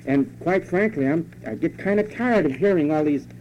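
Mimicking his flock's complaints, a pastor scolds them conversationally during a sermon. His voice is fairly high-pitched yet darkish in tone, animated, at normal speed, and the recording is dull and lo-fi with faint hum.

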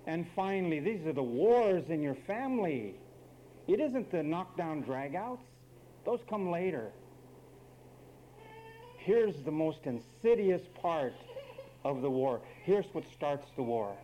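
Guy preaching a sermon, kinda high voice but warm and mellow, wry and punchy, talks right at the crowd. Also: lively intonation, slow pace, slight background noise, poor audio. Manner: emphatic, wry, addresses congregation directly.

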